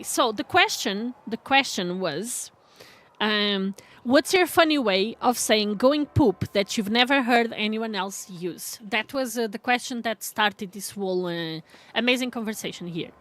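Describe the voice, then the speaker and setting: A woman's voice: a little high, measured pace, fairly bright tone. A woman live streaming, chatting casually with viewers, laughing often and reading their messages aloud.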